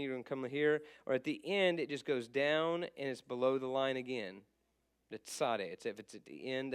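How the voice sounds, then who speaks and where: A man teaching a classroom lesson in an easygoing, unpolished way. He repeats each letter name several times and trails off as he writes on a board. His voice sits at an ordinary middle pitch. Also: smooth. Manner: casual, repeats letter names, writes on board while talking.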